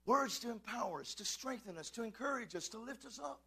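A male pastor preaching fervently in a church, swinging from shouts to quiet asides and calling out to his congregation. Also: very high voice, animated, a little fast, vocal fry, breathy edge. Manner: addresses congregation, calls and repeats. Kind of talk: preaching a sermon.

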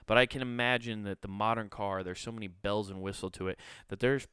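A man's voice: steady tone, fairly quick, fairly bright tone, clean tone, no echo, clean studio sound. A man hosting a solo podcast, ranting with plenty of swearing and mocking others now and then in a sneering voice. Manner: profane, ranting, mocks others in a high sneering voice. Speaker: podcast host.

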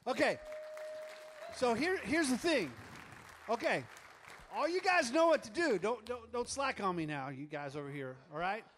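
A man's voice: very high voice, big pitch swings, moderate pace, long pauses, fairly bright tone, a faint crowd, a little hiss or hum. A man leading a church congregation, teaching them a song with upbeat, coaxing and teasing remarks. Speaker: worship leader. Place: church room with an audience.

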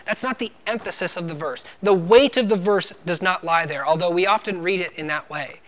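A man's voice: high-pitched, measured pace, fairly bright tone. A man preaching a sermon as pastor, earnest and emphatic, driving points home with firm repeated refrains.

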